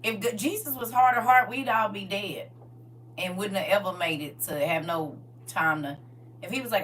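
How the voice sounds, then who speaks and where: Bright-voiced woman preaching from afar. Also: medium pitch, moderate pace, slight background noise. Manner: conversational, call-and-response with congregation. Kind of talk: sermon. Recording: voice from far off the mic.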